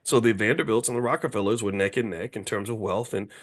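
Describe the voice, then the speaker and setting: A man in his fifties with a fairly low voice lectures casually on finance, pressing his points through repetition. He keeps throwing rhetorical questions at the listeners, in an emphatic, conversational way. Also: quick pace. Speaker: finance educator and commentator.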